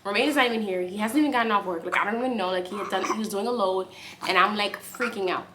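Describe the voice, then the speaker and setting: A young woman casually telling a story to camera for her vlog, chatty and animated, acting out what others said. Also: mid-range voice, very fast, background noise. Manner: animated, acts out quotes in a raised voice; speaks softly aside to her baby. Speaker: vlogger.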